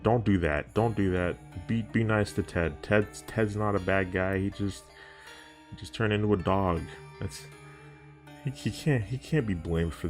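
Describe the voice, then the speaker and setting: A man talking casually to camera, rambling and profane, often restarting his sentences. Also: deep voice. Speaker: youtuber. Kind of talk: casual video commentary.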